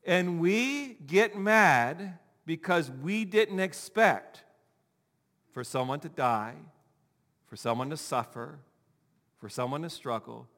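A male pastor preaching a sermon, animated, acting out the people he quotes. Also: on the high side, slow. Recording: long hall reverb.

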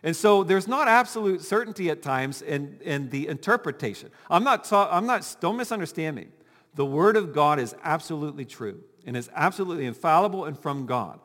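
A man preaching a sermon as pastor, animated and full of rhetorical questions, talking with his congregation. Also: mid-range voice, in a large hall. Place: church sanctuary.

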